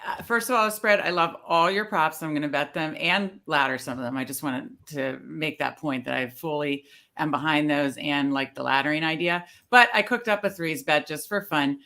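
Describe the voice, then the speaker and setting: A woman's voice: low-pitched, moderate pace, pushed and bright. A woman on a sports betting panel, easygoing and agreeable, reading out her picks with hesitant fillers. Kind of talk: casual sports betting chat.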